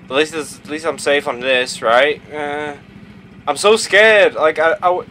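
A man's voice: fairly high pitch, unhurried, bright, forceful tone, slight background noise. Scared young man swearing through a game. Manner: jumpy, swearing, rambling and sing-song. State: frightened. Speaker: gaming video host. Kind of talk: let's play commentary.

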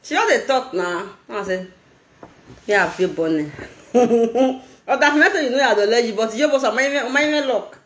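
Lively Nigerian woman, high voice. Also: normal speed, roomy sound. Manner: animated, laughing, pidgin-mixed talk. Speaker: social media vlogger. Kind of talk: casual live video chat.

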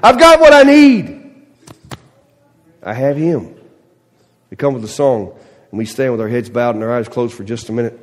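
A middle-aged man, a pastor, telling a story in a sermon with animated delivery, acting out voices, then easing into a soft, quiet prayer. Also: medium pitch. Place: church sanctuary. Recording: long church reverb.

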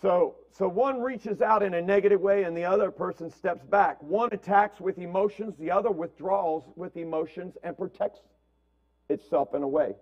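A man's voice: high-pitched, normal speed, lo-fi sound. A man preaching a conversational sermon as pastor, repeating words and checking in with "right?". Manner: asks "right?" constantly, repeats words, acts out family quotes.

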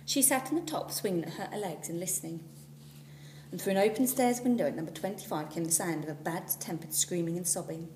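A woman teacher reading a children's storybook aloud, expressive and at times dropping to a whisper. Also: fairly low pitch. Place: school classroom. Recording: echoey room, far from the mic, faint hum.

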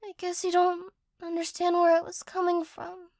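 A woman voicing a sleepy, apologetic cat-girl girlfriend in a whispered role-play, speaking softly and hesitantly close to the mic. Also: very high-pitched, monotone, moderate pace, dry recording. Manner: soft, gentle, hesitant and apologetic. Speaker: ASMR role-play artist.

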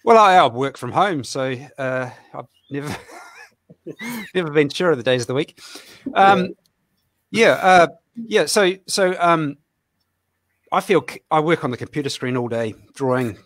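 A man with a New Zealand accent, a comic artist guest chatting casually over a video call, halting and self-deprecating, with many fillers. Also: on the high side, animated, fairly bright tone, no room sound, studio quality.

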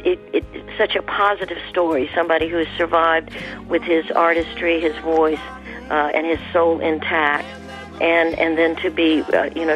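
A woman, a guest singer on a radio interview, speaking in halting phrases with frequent restarts. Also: low-pitched, lo-fi sound. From American South.

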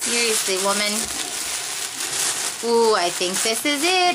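A young woman vlogger gushing quickly through a craft-supply unboxing, giddy and talkative after extra coffee. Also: on the high side, sing-song, very noisy. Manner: gushing, fast, over-caffeinated. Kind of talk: excited unboxing chat.

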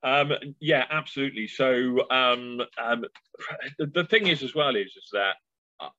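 A man, a guest in an interview, telling stories with lively enthusiasm. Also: medium pitch, measured pace, slight background noise. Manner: animated storyteller, enthusiastic. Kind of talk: casual interview chat. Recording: dull lo-fi sound.

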